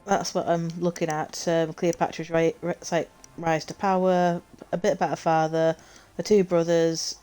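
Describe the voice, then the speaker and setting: A woman's voice: fairly low pitch, little pitch movement, normal speed, hardly any pauses, dark tone, smooth. A young woman streaming a game, chatting casually in a rambling way and often correcting herself. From United Kingdom. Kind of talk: casual chat while gaming.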